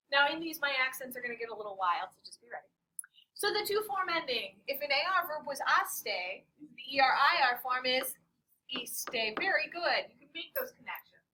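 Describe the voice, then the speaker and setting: A woman with a high, bright voice teaching a classroom lesson, swooping up and down as she quizzes her students in a playful way. She is picked up from across the room. A faint hiss sits under the voice. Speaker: Spanish teacher. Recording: distant classroom mic.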